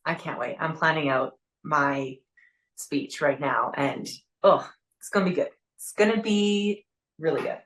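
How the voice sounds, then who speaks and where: A woman's voice: sits low, a little slow. A woman hosting a podcast in casual interview talk, heartfelt and chatty, with lots of "like" fillers. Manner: heartfelt, chatty, leans on "like" a lot. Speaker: podcast host.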